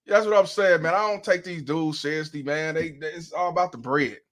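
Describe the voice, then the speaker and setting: A man's voice: fairly high pitch, brisk, a bit bright. A man hosts a live stream, reacting to a played clip with loose, profane commentary. He laughs often and speaks bluntly in a slightly raised voice. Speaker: host.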